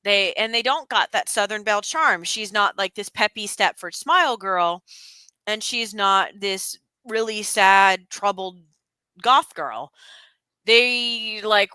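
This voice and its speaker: A young woman co-hosting a casual chat stream, talking in an animated, rambling way with lots of fillers and restarts. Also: mid-range voice, takes it slowly, smooth, dry recording. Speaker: stream co-host.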